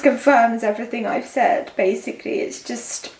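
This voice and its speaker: A young woman giving a psychic tarot reading, emotional and halting, often trailing off and restarting. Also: a little high, a little hiss or hum. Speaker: tarot reader. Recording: roomy echo.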